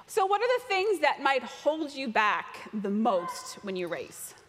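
A woman with a high, bright voice leads a children's talk in a church. Her voice rings through a reverberant hall. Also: measured pace, slight background noise. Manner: animated, shouting out a count. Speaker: children's message leader. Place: church sanctuary.

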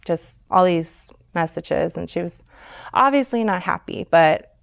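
Brief: young woman guest, slightly low, smooth yet gravelly, frank halting storyteller. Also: animated. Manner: frank, halting, many fillers and "like". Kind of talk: personal storytelling in conversation.

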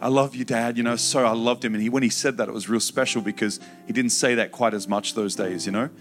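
Preacher, male, low voice, emotional testimony storytelling, soft music under it. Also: steady tone, quick pace. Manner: emotional storytelling, acts out shouted childhood quotes. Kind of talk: personal testimony sermon.

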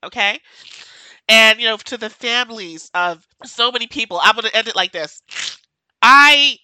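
A woman's voice: a little high, fairly quick, pushed and bright, dry recording, low-quality recording. A woman hosting her own podcast, speaking in an emotional, impassioned monologue and hammering her points home by repeating them. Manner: impassioned, emphatic, repeats key phrases. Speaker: podcast host.

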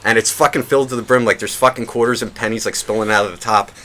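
A man's voice: on the low side, quick pace. A man co-hosting a podcast, telling a rambling story full of swearing. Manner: profane, rambling, animated retelling. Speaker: podcast co-host. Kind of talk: casual storytelling.

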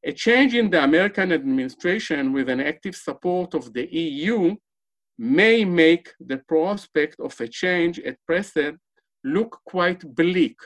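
Higher-pitched man giving a panel talk. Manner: measured, with frequent pauses and fillers. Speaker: panel speaker.

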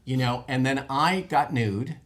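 A man's voice: mid-range voice, unhurried, fairly bright tone, a little hiss or hum. Rambling self-mocking man telling a story. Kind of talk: anecdote in casual group chat.

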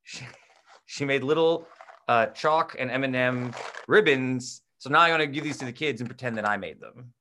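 A man's voice: medium pitch, moderate pace, slight background noise. A young man, a teacher and podcast co-host, telling stories in casual chat and acting out the quotes with gusto. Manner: animated storyteller, acts out quotes loudly.

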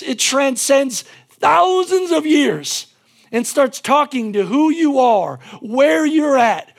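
A man preaching a sermon as pastor, moving between shouted fervor and quiet, intimate appeals, with phrases repeated for emphasis. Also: very high voice, vocal fry.

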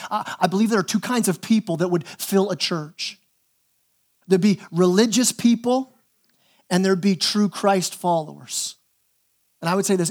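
A man with a high, light voice preaches to his church. He delivers the sermon with lively energy, jumping into the voices of the people he quotes and stumbling over repeated words as he begins his thoughts. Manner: animated, acts out quoted voices, repeats words when starting phrases. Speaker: pastor.

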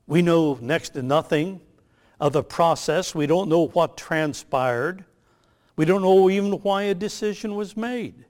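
An older male pastor preaches in a slightly raised voice. He lands key phrases slowly and with emphasis, measured throughout. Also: fairly high pitch, a little mellow. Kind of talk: sermon.

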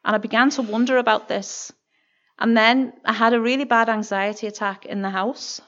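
A woman's voice: on the high side, steady tone, moderate pace, fairly bright tone, highs cut off. A woman with a Northern Irish accent giving an earnest, emotional personal testimony in church, often stopping and restarting her sentences.

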